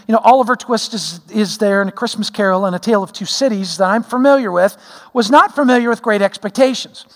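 A man's voice: sits high, a bit bright, long reverb tail. A middle-aged man, a pastor, preaching a sermon in a folksy, self-deprecating storytelling way, with many fillers. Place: church sanctuary.

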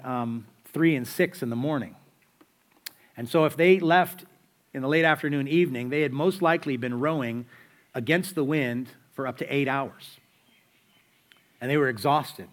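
Conversational male pastor preaching a sermon. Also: mid-range voice. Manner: conversational storytelling, rhetorical questions.

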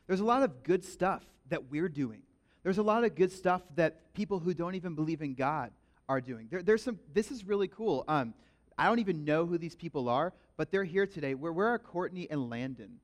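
An animated man preaching a sermon, jumping into stories with emphatic energy. His voice is on the higher side for a man, and he leans hard into his big moments. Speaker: pastor. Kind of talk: sermon with storytelling.

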